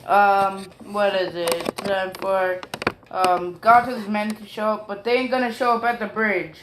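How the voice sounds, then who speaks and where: Slow, rambling, swearing young man. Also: high-pitched, flat delivery, roomy sound, background noise. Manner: rambling, profane, full of fillers and apologies. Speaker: fan story narrator. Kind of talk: rambling casual fan-story narration.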